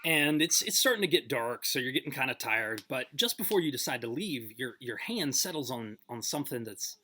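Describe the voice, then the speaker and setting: Man, casual storytelling, bright husky voice, lively pitch, fillers and restarts. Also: fairly quick. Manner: conversational, many fillers and restarts.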